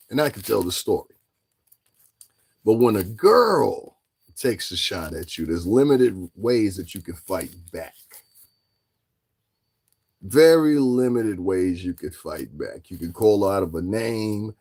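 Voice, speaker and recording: A man's voice: fairly low pitch, sing-song, slow pace, gravelly, long pauses, a little mellow, breathy edge. A man giving casual commentary as a vlogger, talking straight to his listeners and firing off taunting rhetorical questions. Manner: addresses listeners directly.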